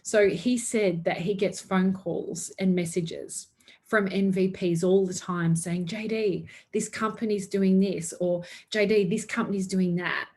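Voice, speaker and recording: A woman's voice: medium pitch, steady tone, measured pace, darkish tone. A woman giving an earnest motivational talk to her sales team, upbeat and laughing often. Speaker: network marketing team leader.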